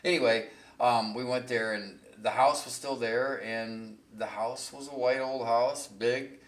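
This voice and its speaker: A man's voice: mid-range voice, steady tone, measured pace, reverberant, distant mic. A man casually telling rambling, profane road-trip stories on a podcast, often laughing. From Michigan. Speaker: podcast host. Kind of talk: casual storytelling chat.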